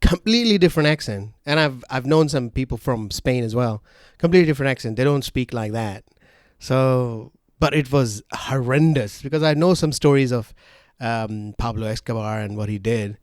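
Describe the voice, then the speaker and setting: A man hosts a casual podcast, rambling through stories with plenty of fillers and quick laughs. His voice sits in a middle pitch and is recorded dry and close. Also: no echo. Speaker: podcast host.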